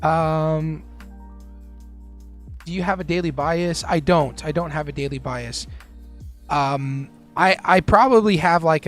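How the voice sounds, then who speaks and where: Easygoing male trading streamer, faint music. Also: on the high side. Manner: relaxed, filler-heavy, chatting with viewers while trading. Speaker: live-stream day trading host. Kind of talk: casual live-stream commentary.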